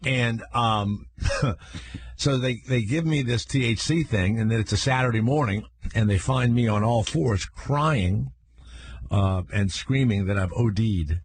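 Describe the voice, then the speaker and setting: An older man with a husky voice hosting a talk show, chatting casually. He tells stories with lots of energy and jumps into high, frantic voices when he acts out other people. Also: a little slow. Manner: animated storyteller, acts out voices in high excited bursts. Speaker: radio show host.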